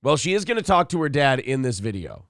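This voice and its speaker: Male host, profane and joking, lively high voice, dry close mic. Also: fast talker, no room sound. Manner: profane, laughing, animated. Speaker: show host. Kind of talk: casual reaction commentary.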